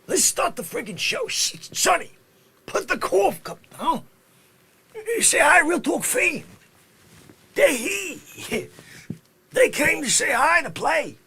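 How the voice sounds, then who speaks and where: A man hosting a comedic vlog, excitable and rambling, swinging from shouts down to whispers. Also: extremely high pitch, slow, long pauses. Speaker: host.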